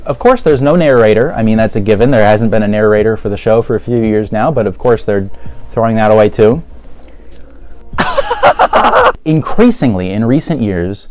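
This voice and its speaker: A man's voice: lowish voice, fairly quick, warm tone. A man giving a sarcastic, exasperated commentary rant, laughing often as he goes. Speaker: YouTuber. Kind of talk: ranting commentary.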